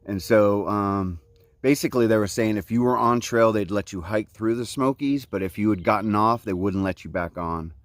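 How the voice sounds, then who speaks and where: Man, 40s, from central florida, relaxed surfer slang, low voice, outdoor trail vlog, dry sound. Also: moderate pace, no room sound. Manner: laid-back surfer talk, lots of "like, you know, man". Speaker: thru-hiker vlogger.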